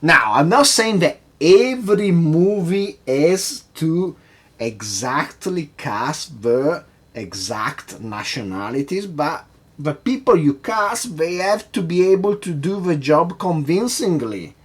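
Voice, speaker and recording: Husky, animated cocktail-show host man. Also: fairly high pitch, slow pace. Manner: rambling, asks the viewer questions. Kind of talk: casual rant to camera.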